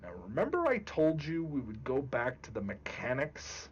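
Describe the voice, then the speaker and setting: A man speaking as a guest game master in a casual discussion, deliberate and emphatic. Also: mid-range voice, wildly swooping pitch, slightly rough, lo-fi sound.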